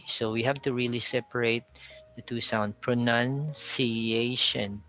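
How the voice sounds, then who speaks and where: A man with a Filipino accent teaching a pronunciation lesson, slowly repeating words to contrast how they sound, with faint music behind him on a lo-fi recording. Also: fairly low pitch, pushed and bright. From Philippines.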